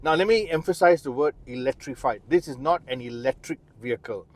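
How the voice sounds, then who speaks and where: A man's voice: medium pitch, brisk. A man giving a chatty, explanatory car review, talking straight to the viewer beside and inside the car. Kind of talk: casual car review walkaround.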